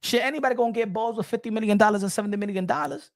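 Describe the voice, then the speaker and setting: A man's voice: high voice, rapid-fire, creaky, dry recording, studio quality. A man, ranting as a profane, mocking boxing commentator.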